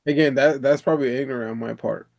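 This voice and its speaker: A man from the Dominican Republic speaks fast at medium pitch, his tone steady and darkish with some vocal fry, during a casual video call with his coach. His stories wander, punctuated by frequent laughter, swearing, and lots of "bro."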